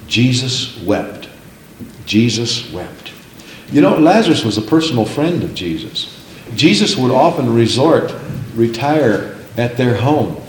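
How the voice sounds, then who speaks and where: A man's voice: medium pitch, a little mellow, roomy sound, a little hiss or hum, low-quality recording. A man preaching a sermon, telling a folksy story and then reading scripture aloud, building to fervent emphasis on key lines.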